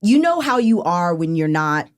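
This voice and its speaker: A woman's voice: lowish voice, sing-song, moderate pace, dry recording, clean studio sound. A woman with a polished, professional news-presenter way of speaking, talking about it casually on a panel.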